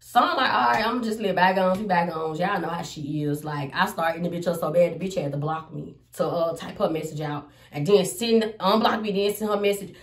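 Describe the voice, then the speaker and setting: Animated, foul-mouthed woman telling a story in an echoey room. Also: a little fast, few pauses, distant mic. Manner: animated, profane, swings between loud outbursts and low asides. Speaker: comedian telling a personal story. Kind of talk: casual storytime vlog.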